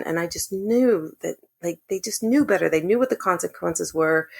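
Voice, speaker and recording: Woman, low gravelly voice, earnest storyteller, podcast guest. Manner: earnest, animated when quoting others. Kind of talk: casual storytelling conversation.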